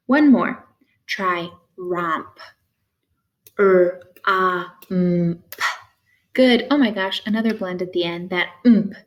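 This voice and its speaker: Speaking at a medium pitch, a woman leads young learners through phonics. She delivers clear prompts at a slow pace, leaves room for answers, and encourages them with consistent praise.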